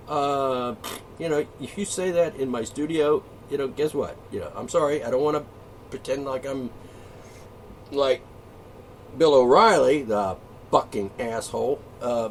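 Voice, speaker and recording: A man hosting his own monologue channel, ranting in a profane, combative and mocking way. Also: mid-range voice. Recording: distant mic, faint background noise.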